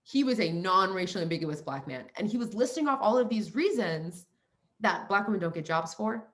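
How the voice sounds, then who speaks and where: An animated young woman speaks as a guest on a casual podcast, mid-pitched and emphatic. She leans hard on her points and acts out the people she quotes in her own voice. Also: brisk.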